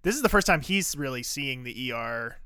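Man, podcast co-host, casual recap, bright and crisp tone, dry close sound, lots of "uh" fillers. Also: medium pitch, lively intonation, fairly quick, no echo. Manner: rambling, frequent "uh" fillers and restarts.

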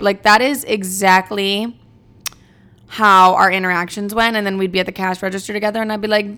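A woman's voice: medium pitch, level tone, fairly quick, pushed and bright, smooth. A woman in her twenties hosting a podcast, chatting in a blunt, profane, rambling way. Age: 20s. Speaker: podcast host. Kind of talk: casual confessional chat.

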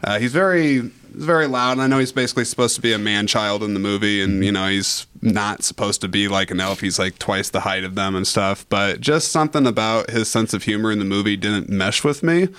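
A man's voice: on the low side, fairly quick, hardly any pauses, fairly bright tone, clear, resonant tone, no echo. A young man hosting a podcast in a movie theater, talking casually with many restarts and easy laughs. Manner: hesitant, repeats words, laughs easily. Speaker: podcast host. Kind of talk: casual interview.

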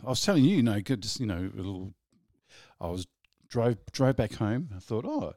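A man's voice: fairly low pitch, animated, fairly quick, a little mellow, dry recording. A man co-hosting a radio show, chatting casually, laughing and rambling between jokes. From Australia. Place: radio studio.

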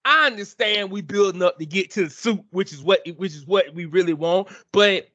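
A man with a high, bright voice co-hosts a casual gaming chat. He rants in an animated, exasperated way. The recording is dry and dull, with a lo-fi sound. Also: normal speed, no echo. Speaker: podcast co-host.

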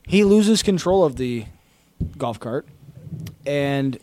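A man's voice: mid-range voice, slow pace. A man telling a funny childhood story about his grandparents in casual, profane chat. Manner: profane, builds to loud laughing excitement.

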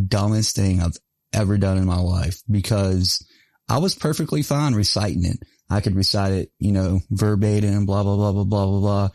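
A man's voice: fairly low pitch, creaky, darkish tone, no room sound. A man hosting a podcast, chatting casually in a laid-back way and laughing often. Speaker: podcast host.

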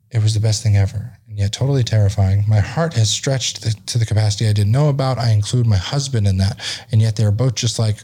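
A man's voice: fairly low pitch, moderate pace, darkish tone, breathy edge. A man hosting a podcast, reading a magazine article aloud in a casual tone, with offhand asides and stumbles. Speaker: podcast host. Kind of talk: casual read-aloud commentary.

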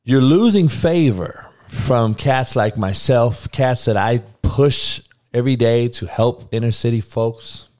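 A man's voice: medium pitch, takes it slowly, hardly any pauses, a little mellow. Man, show host, ranting monologue, irritated, profane, blunt.

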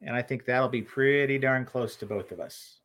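A man's voice: medium pitch, fairly even intonation, moderate pace, a bit bright. Brief: man from Minnesota, paranormal guest, casual teasing chatter. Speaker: guest investigator. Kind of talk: casual chat.

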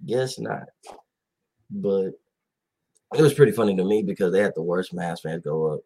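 A man's voice: deep voice, lively intonation, normal speed, dark tone, breathy edge. A man hosting a casual talk show, rambling animatedly with many fillers and acted-out quotes. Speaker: podcast host. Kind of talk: casual chat about basketball.

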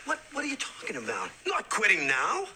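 A brash, defiant undercover-cop persona. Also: male voice, high-pitched, huge pitch swings, fairly quick, noisy background. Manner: brash, insistent put-on tough-guy swagger. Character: fussy male detective posing as a tough undercover cop. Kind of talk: TV comedy-drama acting.

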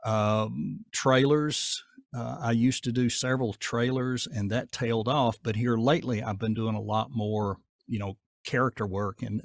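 A man with a Southern accent, talking casually in an interview in a folksy, down-to-earth way with a gruff edge. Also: on the low side, dry recording, studio quality. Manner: folksy, down-to-earth, rambling with fillers. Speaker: voice actor guest.

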